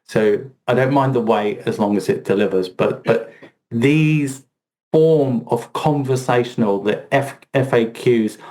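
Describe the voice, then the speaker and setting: A man's voice: medium pitch, a little mellow. A man speaking as a podcast guest, rambling with lots of fillers and restarts. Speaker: podcast guest, SEO expert. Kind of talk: casual conversational interview.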